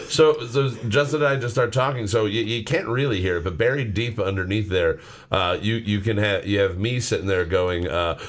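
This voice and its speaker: A man's voice: on the low side, normal speed. A man hosting a casual podcast, rambling and swearing as he tells stories. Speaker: podcast host. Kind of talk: casual chat.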